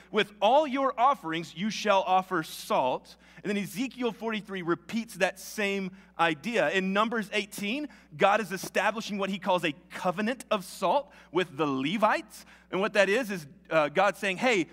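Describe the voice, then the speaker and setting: A male pastor with a Southern American accent preaching a sermon in a conversational way, with quick asides to the congregation. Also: high-pitched, fairly bright tone. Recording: long hall reverb.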